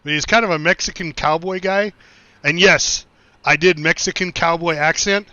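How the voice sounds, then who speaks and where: Middle-aged American man, easygoing streamer chat, bright and slightly high, dry dull sound. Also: normal speed, dry recording. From United States. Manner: easygoing, laughs often, rambling with restarts. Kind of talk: casual chat while gaming.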